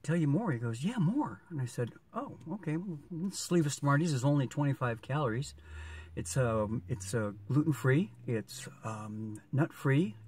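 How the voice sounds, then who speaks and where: A man's voice: medium pitch, darkish tone. A middle-aged man, a rideshare driver, telling a story casually with many ums and restarts. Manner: chatty, rambling with many ums.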